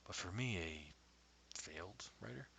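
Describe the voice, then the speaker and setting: A man narrating his own first-person story at a measured pace, often dropping to a hushed whisper. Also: low voice, expressive, vocal fry, slight background noise, rough recording.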